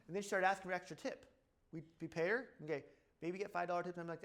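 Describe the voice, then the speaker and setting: A middle-aged man with a slightly high voice tells offhand stories about his clinic. He jumps between his own words and acted-out quotes, and he fills his lines with "blah, blah.". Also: quick pace, fairly bright tone. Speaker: chiropractor speaking at a seminar. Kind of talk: casual talk to a room.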